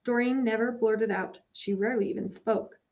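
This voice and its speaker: A woman narrating a children's novel in a measured storytelling manner. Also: a little high, steady tone, a little mellow. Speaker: audiobook narrator. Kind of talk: scripted narration. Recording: dull lo-fi recording.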